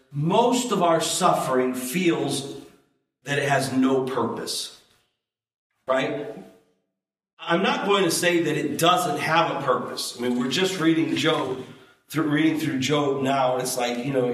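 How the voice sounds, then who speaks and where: Echoey preaching man, voice rising high. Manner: conversational preaching, rises loud and high on emphasis. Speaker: pastor. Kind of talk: sermon. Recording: echoey hall, from far off.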